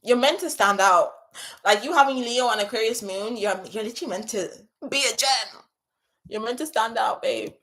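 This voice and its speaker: A woman with a somewhat high voice hosts a live stream and chats casually with her viewers. She talks with a passionate, gushing energy, repeating her phrases and calling out viewers one after another. Her delivery is loose and unscripted, typical of a spiritual coach talking straight to her audience. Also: moderate pace. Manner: effusive and passionate, repeats herself, shouting out viewers. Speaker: spiritual coach and livestream host. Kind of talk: casual livestream chat reading out comments.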